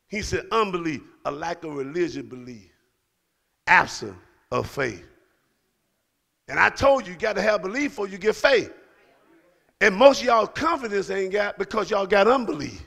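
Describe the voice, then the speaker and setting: A middle-aged man preaching a sermon to his congregation, building into shouted calls to the church. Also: sits high, vocal fry. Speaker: pastor. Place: church sanctuary.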